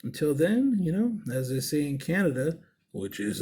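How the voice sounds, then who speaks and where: A body piercer telling a story in a casual, rambling, laid-back way, swearing freely. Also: male voice, medium pitch, expressive, moderate pace, creaky, darkish tone, breathy edge.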